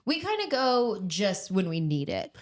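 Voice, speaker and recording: A woman in her forties, a comedian guest on a podcast, telling stories in a casual, animated way and laughing often. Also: mid-range voice, unhurried. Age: 40s. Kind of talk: casual storytelling chat.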